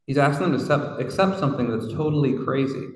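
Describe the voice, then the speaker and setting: A man's voice: medium pitch, fast. A man preaching a sermon in a reflective, conversational way, with casual asides. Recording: roomy hall from far off.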